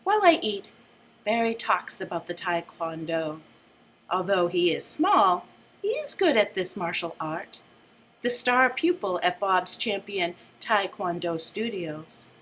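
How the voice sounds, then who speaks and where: A woman teacher reading a book aloud with a lively, shifting delivery, then summing it up casually. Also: medium pitch, measured pace, slight background noise.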